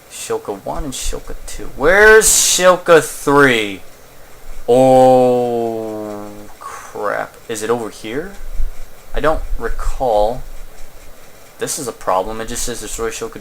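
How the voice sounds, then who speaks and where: A man's voice: medium pitch, a little slow, vocal fry, pauses often, fairly bright tone, a little hiss or hum. A man hosting a casual let's play, rambling and joking in self-mocking asides while he plays. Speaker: gaming channel host.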